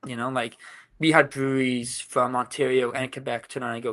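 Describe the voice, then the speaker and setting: A man's voice: mid-range voice, flat delivery, fairly quick, a bit bright. A man from England, a brewery co-founder, chatting as a podcast guest, rambling with lots of "you know" and "like". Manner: rambling, many fillers and restarts. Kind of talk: casual interview chat.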